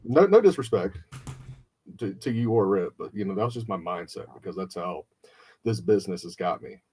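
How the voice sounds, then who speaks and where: A man's voice: sits low, expressive, moderate pace, dark tone, husky. A man hosting a podcast, telling an emotional story in casual, profane chat and acting out his friends' voices. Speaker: podcast host.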